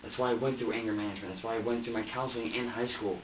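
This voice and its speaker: A man's voice: lowish voice, steady tone, very fast. A young man under police questioning, confessing in an agitated, profane, stammering way, repeating himself as he talks. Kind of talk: emotional confession. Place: police interview room. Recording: distant, roomy, dull recording with faint hiss.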